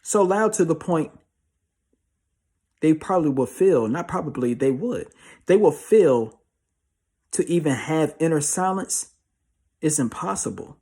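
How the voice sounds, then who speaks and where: A man's voice: a little high, expressive, a little slow, pauses often, mellow, slightly rough. A young man giving a slangy, emphatic motivational monologue, repeating himself for stress. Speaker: motivational speaker.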